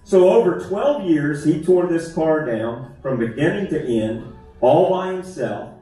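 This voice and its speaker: A man's voice: a little high, animated, a little slow, dark tone, faint music behind. Self-deprecating comedian in his fifties. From West Virginia. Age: 50s. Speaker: stand-up comedian. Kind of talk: stand-up comedy set. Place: theater stage. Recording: echoey theater from far off.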